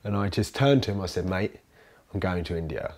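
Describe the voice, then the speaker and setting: Low-voiced man telling a rambling story. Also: brisk. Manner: rambling, animated, many fillers and restarts. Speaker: interviewee, commune resident. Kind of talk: casual storytelling interview.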